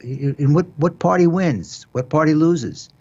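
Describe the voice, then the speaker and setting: A man's voice: a little high, unhurried, a little mellow, breathy edge. An older man with a New York accent, a retired judge hosting a casual radio talk show, explaining legal matters with frequent restarts. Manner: explanatory, repeats words, restarts. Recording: dull lo-fi broadcast audio.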